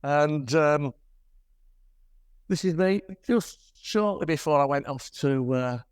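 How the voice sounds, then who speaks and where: A man's voice: fairly high pitch, lively intonation, slow pace, smooth, dry recording. Older man telling wry stories. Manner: chatty storyteller with dry wry humour. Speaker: guest presenter at a camera club. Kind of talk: slide talk with anecdotes. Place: club meeting room.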